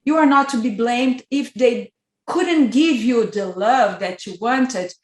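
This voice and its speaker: Woman host, slow reflective speech, high-ish voice, echoey room. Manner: slow, reflective, gently explaining. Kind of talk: interview, reflective talk.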